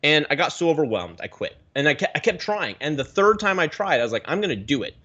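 Animated man telling stories, dull sound. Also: fast. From Pacific Northwest US. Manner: animated storyteller, lively swings in pitch. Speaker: guest, reef aquarium YouTuber. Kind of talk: casual interview chat.

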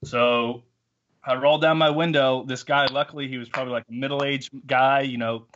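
A man's voice: medium pitch, fairly even intonation, moderate pace, fairly bright tone, highs cut off, a little hiss or hum. A man, telling a story in a rambling, self-mocking way on a podcast. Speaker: podcast co-host. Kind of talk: casual storytelling.

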